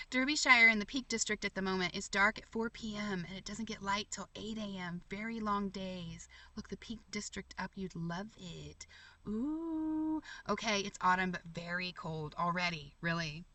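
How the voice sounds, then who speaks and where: A woman's voice: mid-range voice, measured pace, pushed and bright, far from the mic. A woman in casual live-stream chat, reading viewers' comments, talking effusively with frequent laughs and fillers. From United States. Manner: chatty and effusive, laughs often, many fillers and restarts. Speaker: livestream host reading chat.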